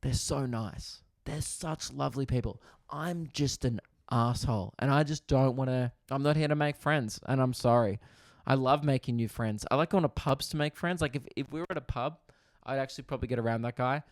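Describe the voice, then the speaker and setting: A young man, a comedian hosting his podcast, telling a story in a casual, animated way, swearing freely and acting out other people's voices. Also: mid-range voice, fairly quick, no echo, clean studio sound.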